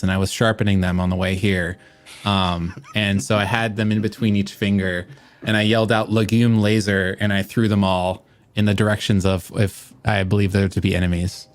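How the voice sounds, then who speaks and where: A man at a tabletop game, speaking in a low voice as he lays out his character's actions. He talks loosely and playfully, stopping now and then to restart a phrase. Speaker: player. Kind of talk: casual play chat.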